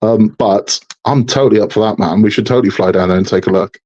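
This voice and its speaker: A man chats through a live model-building stream in a low, mellow voice. He jokes, rambles and laughs often. The audio is dull and lo-fi. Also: fast. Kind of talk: casual live-stream chat while building.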